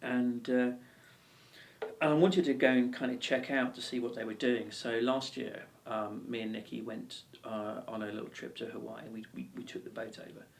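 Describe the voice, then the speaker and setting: Brief: male ukulele teacher, gravelly voice, rambling and encouraging, recorded a little off-mic. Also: mid-range voice, steady tone, moderate pace, distant mic, slight background noise. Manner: chatty, encouraging, with many ums and restarts. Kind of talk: casual video lesson and anecdote.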